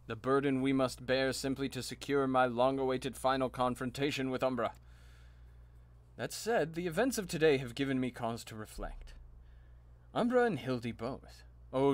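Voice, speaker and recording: A man voicing a pompous, melodramatic gentleman adventurer who speaks in florid, old-fashioned phrases. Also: mid-range voice, no room sound, close to an everyday voice.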